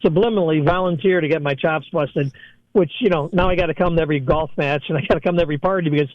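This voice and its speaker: A man's voice: on the high side, racing, dry recording, dull audio. A former male radio co-host in casual chat, rambling and self-deprecating, laughing through his words.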